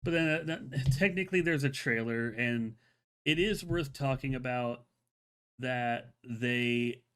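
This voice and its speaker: A man's voice: medium pitch, measured pace, a bit bright, clean tone. Rambling casual male streamer. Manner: rambling, many restarts and "like" fillers; enthusiastic, casual. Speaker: live-stream film show host. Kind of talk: solo live-stream commentary.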